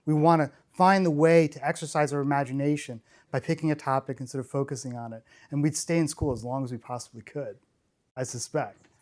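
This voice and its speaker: A man's voice: a little high, steady tone, fairly quick, a little mellow. A middle-aged man giving a storytelling keynote talk, enthusiastic and rambling, often restarting his sentences. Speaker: conference speaker.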